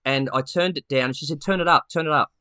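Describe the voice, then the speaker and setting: Bright, animated male podcast storyteller. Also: a little high, quick pace, smooth, no room sound, studio quality. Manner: animated, acts out quotes, many restarts. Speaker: podcast co-host. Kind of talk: casual storytelling.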